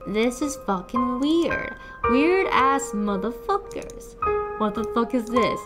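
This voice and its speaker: A woman's voice: on the high side, expressive, slow, fairly bright tone, faint music behind. A woman streamer reacting live and reading chat messages aloud, playful and teasing, with sudden shrieks and mock outrage.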